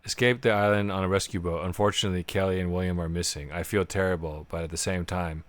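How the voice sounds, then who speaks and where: A man's voice: sits low, fairly even intonation, fast, no echo. A man giving casual live commentary while playing a video game, chatty and self-deprecating, laughing often at his own mistakes. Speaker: game streamer.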